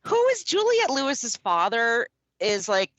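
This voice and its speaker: Lively woman cohost, bright voice, lots of laughs, dry close sound. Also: on the high side, a little slow, no echo. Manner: animated, laughs often, strings thoughts with "I mean". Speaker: podcast co-host. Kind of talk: casual chat.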